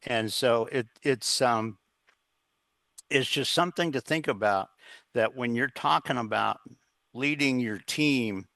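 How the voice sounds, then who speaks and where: Man, bright voice, dry close sound, interview guest, earnest storyteller. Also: medium pitch, takes it slowly, no echo. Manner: earnest, anecdotal, quotes others in dialogue.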